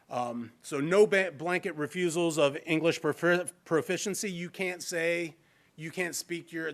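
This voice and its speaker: A man's voice: on the high side, a bit bright. A man leading a fair housing training workshop in a chatty, informal, conversational way, speaking into a handheld microphone in a training room. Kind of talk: workshop lecture.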